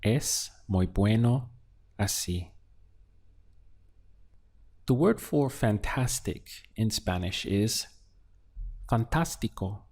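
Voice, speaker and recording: Guy teaching phrases real slow, gravelly kinda husky voice, lowish. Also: expressive, a little mellow. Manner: slow, clear prompts and model answers. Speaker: language teacher. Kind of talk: audio language lesson.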